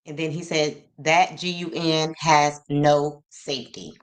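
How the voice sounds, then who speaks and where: Low-voiced woman hosting a livestream. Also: fairly even intonation. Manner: reads messages aloud slowly, greets chat by name. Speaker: livestream host. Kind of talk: casual livestream commentary.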